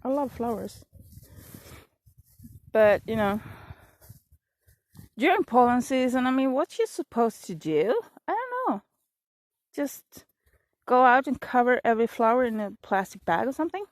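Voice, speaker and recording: A woman's voice: fairly high pitch, very animated, a little slow, long pauses, dry recording. A middle-aged woman telling a rambling, sarcastic story outdoors while out of breath and coughing from allergies. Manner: sarcastic, rambling, laughs at herself. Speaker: vlogger. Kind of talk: casual storytelling while walking. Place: outdoors on a walk.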